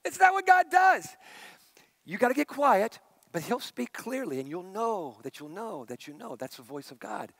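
High-voiced middle-aged man preaching. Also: big pitch swings, moderate pace, creaky, dry recording. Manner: conversational preaching, swinging between hushed and emphatic. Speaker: pastor. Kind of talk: sermon.

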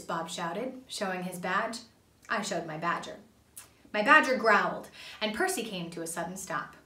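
A woman reading a children's book aloud in an animated, expressive way, doing the story's voices. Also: fairly low pitch, moderate pace. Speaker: storybook reader. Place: church room. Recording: echoey room, mic far off.

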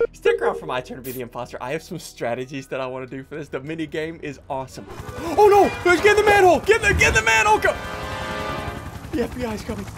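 A man hosting excited gameplay commentary, explaining as he plays and often yelling and laughing. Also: sits high. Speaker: gaming YouTuber host. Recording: music playing underneath.

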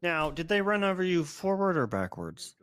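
A man's voice: sits high, sing-song, normal speed, a bit bright, smooth. A man role-playing a jokey doctor in a game, with goofy bedside banter. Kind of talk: GTA role-play.

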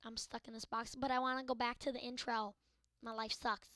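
A woman's voice: a little high, little pitch movement, brisk, a bit bright, no room sound, clean studio sound, natural voice. A young woman voicing a gloomy, whiny little ball-shaped boy hero in a video game, talking in a self-pitying way.

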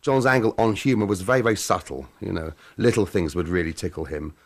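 A man's voice: deep voice, quick pace. A man in an interview, casually telling a funny story from memory. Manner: chatty, storytelling. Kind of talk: anecdotal interview.

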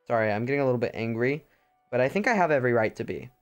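Chatty smooth-voiced streamer. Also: mid-range voice, lively intonation, rapid-fire, faint music behind. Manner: chatty, rambling, mock-dramatic. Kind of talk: casual livestream chat while crafting.

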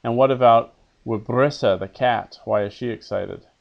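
A man teaches basic Latin in a gravelly, medium-pitched voice at a moderate pace, with the recording's highs cut off. He reads phrases for the pupil to repeat, translates, and quizzes patiently, answering his own questions.

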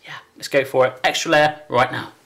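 A man's voice: medium pitch, fairly even intonation, fairly quick, a bit bright. An English man hosting a casual cooking vlog from a home kitchen, chatty, jokey and upbeat. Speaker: cooking show host.

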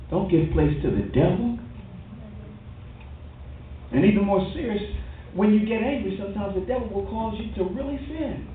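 A man pastor preaching a sermon in a church, lively and calling for responses. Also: sits high, normal speed, pauses often, a little hiss or hum. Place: church hall. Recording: tinny, distant, very echoey church recording.

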